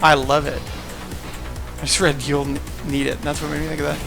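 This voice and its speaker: A man commentates a gaming tournament stream in a loose, jokey, rambling way. His voice is fairly high and gravelly with fry, and faint music plays underneath. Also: little pitch movement, a little fast. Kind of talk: casual livestream commentary.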